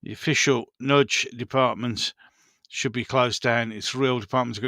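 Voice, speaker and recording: A man's voice: mid-range voice, moderate pace, bright, forceful tone, dry recording, studio quality. A man in his fifties with a Brummie accent, hosting a frank, rambling casual chat with his viewers. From Birmingham, England. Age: 50s. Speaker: channel host. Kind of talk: casual live-stream chat.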